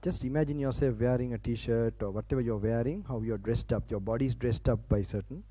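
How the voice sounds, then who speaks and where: A man's voice: medium pitch, fairly quick, dark tone, a little hiss or hum, rough recording. A man from Sri Lanka speaking English with a Sri Lankan accent, a Buddhist monk giving a Dhamma talk to an audience on a campus. He talks chattily and informally, laughs often and restarts broken phrases as he guides listeners through relaxation. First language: Sinhala. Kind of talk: sermon with guided relaxation instructions. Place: university campus hall, live audience.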